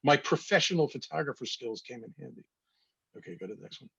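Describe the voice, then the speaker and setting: A man's voice: medium pitch, expressive, fast, vocal fry, a bit bright, slightly rough, no echo, dull audio. A man, a photographer talking casually through his slides with wry, anecdotal asides. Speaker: photographer presenting his work.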